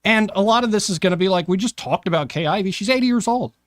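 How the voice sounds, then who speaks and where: Lively thirty-something male radio host. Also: high-pitched, fast talker, no echo, clean studio sound. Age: 30s. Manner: animated storyteller who reads live ads. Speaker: radio talk show host. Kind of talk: casual studio banter.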